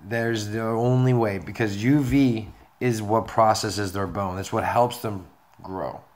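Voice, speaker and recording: Young dude kinda low voice, chatty and rambly, answering fan questions about his lizards. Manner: chatty, rambling, reassuring advice. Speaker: reptile keeper answering viewer questions. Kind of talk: casual Q&A video.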